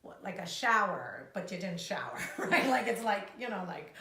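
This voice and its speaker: A woman co-hosting a live talk, animated and quick to act out little quoted voices, swearing freely. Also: medium pitch. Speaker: co-host, coach. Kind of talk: live-streamed casual talk. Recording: echoey room.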